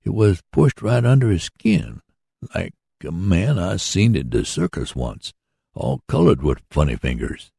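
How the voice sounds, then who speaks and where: Folksy earnest old sawmill worker, read by a man, deep gravelly voice, husky edge, storybook reading. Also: sing-song, a little slow, warm tone, no room sound, studio quality, full character voice. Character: hard-working older man running a mule sawmill.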